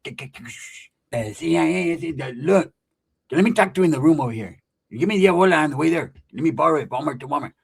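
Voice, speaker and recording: A man voicing a paranoid, conspiratorial cousin who talks slowly and secretively, tagging lines with "eh?". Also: a little high, lively intonation, vocal fry, breathy edge, exaggerated voice. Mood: paranoid hushed. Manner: hushed, slow, secretive, ends with "eh?".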